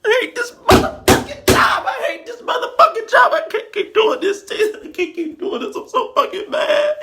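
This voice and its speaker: A man's voice: very high-pitched, sing-song, moderate pace, few pauses, pushed and bright, slight background noise. A young man ranting in frustration, swearing and repeating himself, his voice breaking into crying at times. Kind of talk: emotional rant.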